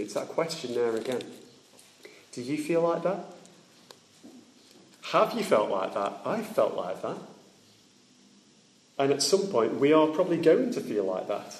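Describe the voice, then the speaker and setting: A man preaching a sermon in plain words, asking his listeners direct questions and dropping soft and low on solemn points. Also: sing-song, measured pace, long pauses. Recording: echoey room.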